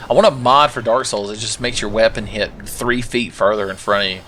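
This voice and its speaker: A man's voice: on the low side, steady tone, brisk, a bit bright, slight background noise. A man commentating his own gameplay with sarcastic, profane, rambling asides. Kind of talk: let's play commentary.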